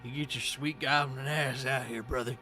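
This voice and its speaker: A man's voice: medium pitch, steady tone, moderate pace, pushed and bright, soft background music. A man playing a tabletop game, chatty and casual, with hesitant fillers. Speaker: player.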